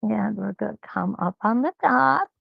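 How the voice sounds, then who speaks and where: Woman, quilting instructor, calm step-by-step demo, very gravelly fry, dry close sound. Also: medium pitch, no room sound, lo-fi sound. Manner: slow, reassuring, thinks aloud while sewing. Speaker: quilting instructor hosting a live quilt-along. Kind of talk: live step-by-step demonstration.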